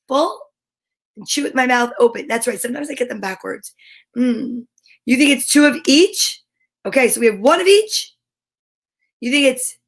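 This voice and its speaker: Bubbly high-voiced woman chatting live. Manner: bubbly, chatty, greets viewers by name. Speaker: host. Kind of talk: casual live-stream chat.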